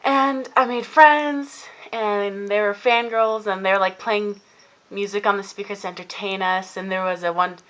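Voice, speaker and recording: A teenage girl telling a long casual vlog story about her day, rambling and acting out what people said in animated voices. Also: mid-range voice, moderate pace, lo-fi sound. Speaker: vlogger. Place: indoors at home, cold room.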